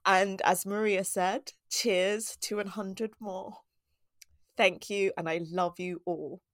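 Woman, solo podcast host, chatty and heartfelt, mid-pitched, dry close mic. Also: fairly even intonation, takes it slowly, dry recording. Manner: emotional, grateful, chatty.

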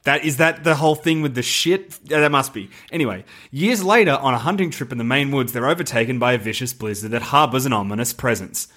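A man, co-hosting a casual film discussion, animated and laughing as he recounts a movie's plot. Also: medium pitch, fast talker, hardly any pauses. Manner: animated, laughing, reads plot synopsis aloud. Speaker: podcast co-host.

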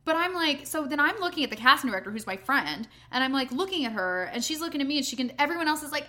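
Young woman, high and bright, animated storyteller, swears casually, self-deprecating co-host. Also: fast talker, hardly any pauses. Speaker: podcast co-host, stage performer.

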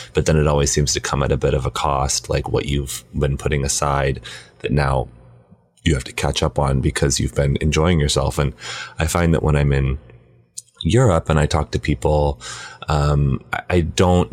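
A man co-hosting a podcast, talking in a relaxed, reflective way with many fillers, close to the mic. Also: extremely low pitch. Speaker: podcast co-host. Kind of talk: casual chat. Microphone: close mic on weight plates.

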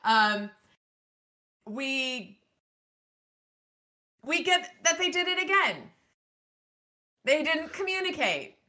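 A woman's voice: sits high, very animated, takes it slowly, long pauses, pushed and bright. A woman co-hosting a book podcast, chatting casually and reading passages aloud from the novel.

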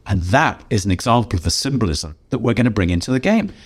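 An older English man, a game designer being interviewed, telling anecdotes in a lively way and acting out the voices of people he quotes. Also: lowish voice, quick pace, breathy edge. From England. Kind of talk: animated storytelling in an interview.

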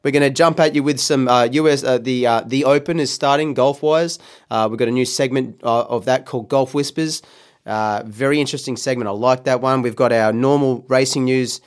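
A man's voice: mid-range voice, fairly even intonation, fairly quick. A man co-hosting a casual podcast, rambling with lots of ums and restarts. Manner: rambling, many fillers and restarts, laughs often. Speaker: podcast co-host.

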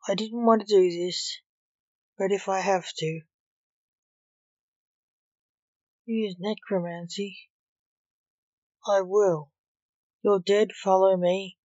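A woman reading a gruff, snappish Grim Reaper. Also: medium pitch, steady tone, slow pace, long pauses, mellow, dry recording, lightly acted. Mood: threatening. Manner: snappish, exasperated. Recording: dull lo-fi recording.

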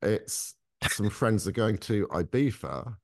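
A man's voice: on the low side, expressive, vocal fry, a little mellow, dry recording, studio quality. A young man, co-hosting a casual podcast and rambling about expenses in a grumbling way. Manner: grumbling, rambling about costs, slow drawn-out asides. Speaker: podcast co-host. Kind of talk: casual banter.

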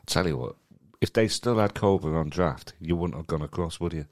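A man co-hosting a podcast, chatty and animated, laughing often. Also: low voice, moderate pace. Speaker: podcast co-host. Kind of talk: casual chat.

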